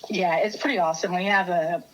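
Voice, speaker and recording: A woman's voice: on the low side, fairly even intonation, fairly quick, dull audio, a little hiss or hum. A woman from Texas, chatting casually as a podcast co-host, easygoing with lots of fillers and laughs. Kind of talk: casual chat. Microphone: remote call.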